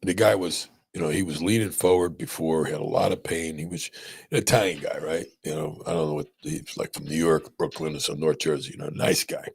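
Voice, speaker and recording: Brief: male surgeon host, very deep gravelly voice, chatty storyteller. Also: brisk, slight background noise. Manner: animated storyteller, many restarts and "right?" checks. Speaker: spine surgeon and podcast host. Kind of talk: casual podcast conversation.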